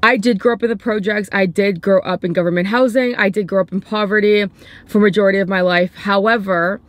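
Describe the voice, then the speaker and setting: A woman's voice: medium pitch, fairly even intonation, a little fast, dry recording. A young woman giving casual reaction commentary as a YouTuber, hesitant and often restarting as she searches for words.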